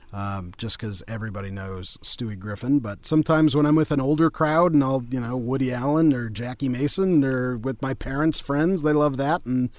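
A man from Colorado, a voice actor chatting as a guest in an interview, telling stories in a relaxed, self-deprecating way. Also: medium pitch, dry recording. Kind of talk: casual interview chat.

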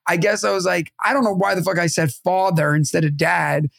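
A man in his thirties co-hosting a podcast, telling animated, profane family stories in casual chat. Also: high-pitched, brisk, vocal fry, dry recording, clean studio sound. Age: 30s. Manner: animated, swearing, acts out family voices. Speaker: podcast co-host.

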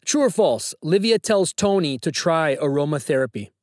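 A man's voice: a little high, lively intonation, moderate pace, a little mellow, dry recording, clean studio sound. A man hosting a phone-in trivia quiz, teasing and joking with callers. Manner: playful, teasing. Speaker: trivia show host.

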